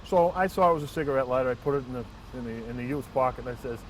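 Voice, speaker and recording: A man, a transit police lieutenant, telling a work anecdote in an earnest, measured way with frequent restarts. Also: medium pitch. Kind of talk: first-person anecdote and reflection. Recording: distant mic, faint outdoor traffic noise.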